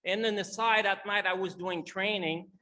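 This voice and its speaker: A man's voice: high voice, steady tone, moderate pace, sharp tone. A middle-aged man with a French Canadian accent, a native French speaker, giving a conference talk in English with many fillers and restarts. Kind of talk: conference presentation.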